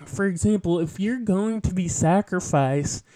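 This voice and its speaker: A man's voice: high-pitched, unhurried, dark tone, dry recording. A man hosting a podcast, delivering an opinionated, lecturing political monologue with a sardonic edge. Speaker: podcast host.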